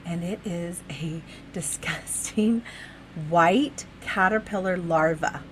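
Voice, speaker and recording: Middle-aged woman podcast co-host, chatty, expressive storyteller, laughs a lot, casual swearing. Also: fairly low pitch, slow pace, noisy background. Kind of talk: casual chat.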